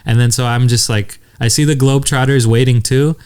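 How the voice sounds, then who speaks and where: A man's voice: mid-range voice, steady tone, fairly quick, a little mellow, clear, resonant tone. Young male podcast co-host, loose rambling storyteller, frequent laughs. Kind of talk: casual chat.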